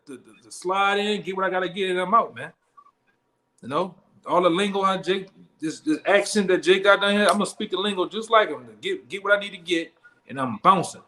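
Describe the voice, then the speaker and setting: A man's voice: high voice, fairly quick, pushed and bright. A man leading a Bible study in blunt, profane street talk, tagging his lines with "man" and "all right?". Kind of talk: street-style scripture teaching.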